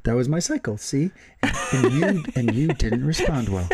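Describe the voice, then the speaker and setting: A man co-hosting a casual podcast, from the American Midwest. He talks in a teasing way, laughs often and swears freely, at a middle pitch. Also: expressive, moderate pace, background noise. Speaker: podcast co-host. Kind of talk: casual chat.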